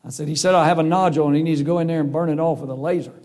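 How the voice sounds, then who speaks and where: A middle-aged man preaching a sermon with a hoarse voice, telling a personal story in a folksy way and acting out the voices of people in it. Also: on the high side, steady tone, very fast, darkish tone. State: hoarse from a vocal cord nodule. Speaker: preacher and singer.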